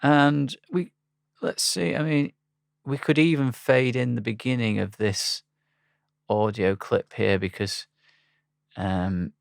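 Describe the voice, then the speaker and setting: A man talking through a software tutorial in a relaxed, halting way with frequent pauses and ums. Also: mid-range voice, vocal fry, no echo, studio quality. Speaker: instructor. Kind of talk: screen-recorded software tutorial.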